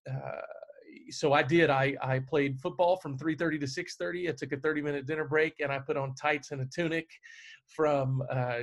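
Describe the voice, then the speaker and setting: A man's voice: fairly high pitch, gravelly. A middle-aged man, a stage manager, chatting casually on a video call, with lots of fillers and restarts. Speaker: guest stage manager answering questions.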